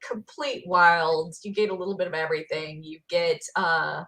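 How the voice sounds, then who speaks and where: A woman guest on a podcast in casual chat, playful and excitable. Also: lowish voice, moderate pace.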